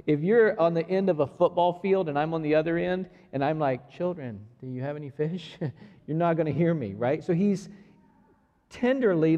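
A man's voice: a little high, big-room sound, lo-fi sound. A man preaching a sermon, acting out the lines of the passage as he reads and explains it. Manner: animated, acts out the dialogue of the passage. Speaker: pastor.

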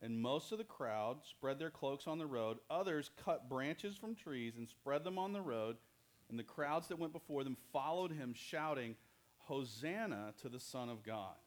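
A man with a slightly high, expressive voice talks at a normal speed while leading a children's church lesson. He tells the Bible story playfully, joking around and asking the kids questions.

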